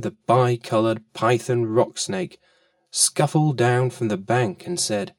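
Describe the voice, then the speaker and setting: A man reads a children's storybook aloud, unhurried and fond, with a lively, rolling melody. His voice is gravelly, dry and a little off-mic. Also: medium pitch, no room sound, far from the mic. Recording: voice a bit off-mic.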